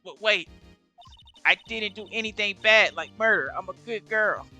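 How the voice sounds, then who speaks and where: Guy putting on a whiny young woman witness, squeaky high and shrieky, bright sharp edge, super indignant. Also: moderate pace, dull audio, soft background music. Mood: pleading.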